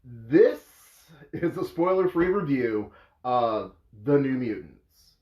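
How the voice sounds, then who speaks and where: A man hosting a casual movie review, animated and exasperated, breaking into emphatic, incredulous outbursts. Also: medium pitch. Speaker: host of a movie review show. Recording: echoey room, dull lo-fi sound.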